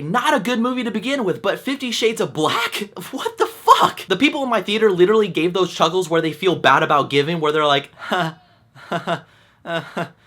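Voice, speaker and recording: A man's voice: high voice, pushed and bright. A young man giving an exasperated, sarcastic, profanity-laced movie review rant. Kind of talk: ranting film review.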